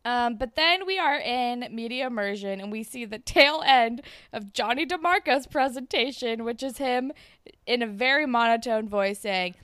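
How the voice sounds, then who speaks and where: A woman's voice: on the high side, animated, moderate pace, a bit bright, smooth, no room sound, clean studio sound. A young woman co-hosting a podcast, chatting casually and recapping a TV episode, animatedly acting out the characters' lines. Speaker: podcast co-host.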